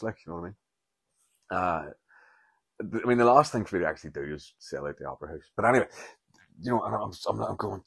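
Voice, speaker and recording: A Northern Irish man in his forties talks alone into the mic in a deep, low voice. The sound is dry and close, with no room around it. He rambles, swears freely and makes fun of himself, like a comedian thinking aloud. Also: a little fast, dry recording. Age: 40s. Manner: candid, self-deprecating, sweary, rambling. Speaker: comedian podcast host. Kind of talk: rambling solo podcast monologue.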